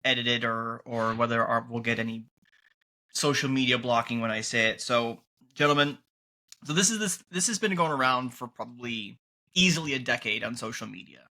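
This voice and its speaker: A man's voice: medium pitch, normal speed, bright, forceful tone. A man hosting a casual podcast, talking emphatically and often restarting his phrases. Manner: emphatic, restarts and repeats words. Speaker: podcast host.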